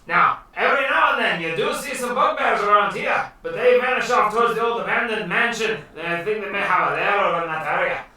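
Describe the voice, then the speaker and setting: A game master running a tabletop session, with a lively voice that rises and falls. The tone is bright and folksy, and the jokes come easily. It sounds as if it was picked up from across a reverberant room. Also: medium pitch, a little fast, hardly any pauses. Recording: echoey room, far from the mic.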